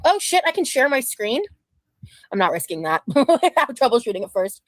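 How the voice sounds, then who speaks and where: A woman's voice: on the high side, very animated, moderate pace, no room sound. A woman streamer chatting casually and loosely, laughing now and then. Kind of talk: casual chat.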